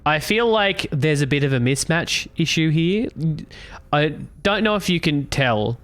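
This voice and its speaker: A man's voice: on the high side, expressive, measured pace, a bit bright, no room sound. A man, a player role-playing his character in blunt, slangy, swearing talk. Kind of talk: casual in-character role-play.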